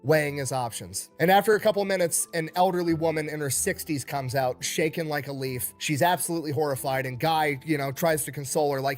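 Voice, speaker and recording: A man's voice: fairly high pitch, fairly quick, few pauses, soft background music. A man narrating a war story in a casual, blunt way, acting out the dialogue and swearing freely. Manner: blunt, profane retelling with quoted dialogue. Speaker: storyteller in a played video.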